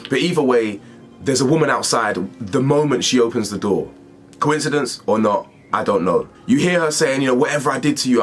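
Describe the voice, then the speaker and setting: Male commentary host, animated and questioning, faint music bed. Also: medium pitch. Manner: speculative, conversational, rhetorical questions. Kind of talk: commentary on a viral video.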